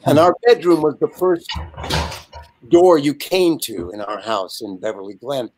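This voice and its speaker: A man in his seventies, a guest telling a lively, animated anecdote over a video call. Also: medium pitch, measured pace. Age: 70s. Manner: lively, animated storyteller with frequent asides. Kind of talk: casual anecdote storytelling.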